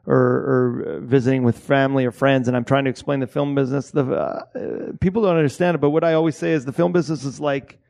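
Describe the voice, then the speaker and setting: A man's voice: medium pitch, steady tone, fast talker, creaky, hardly any pauses, a little mellow. A man from Canada, an assistant director, talking loosely in a casual interview, restarting his sentences and swearing often. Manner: rambling, frequent swearing and restarts.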